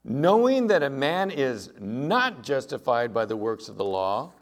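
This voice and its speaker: Male pastor preaching, animated and emphatic, quizzes the congregation. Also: medium pitch, measured pace. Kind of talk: sermon.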